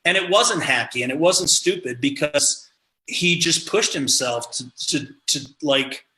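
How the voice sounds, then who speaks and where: Speaking at a measured pace in a fairly high voice, a middle-aged man from the American Midwest guests on a podcast as a comedian. He animatedly tells stories in casual conversation and acts out quoted voices, with a roomy sound on a rough recording.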